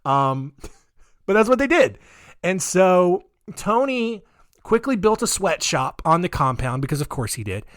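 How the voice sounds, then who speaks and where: A man's voice: high voice, sing-song, measured pace, fairly bright tone, dry recording, clean studio sound. A man hosting a podcast, casually telling a story with sarcasm, laughter and mocking put-on voices. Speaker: podcast host.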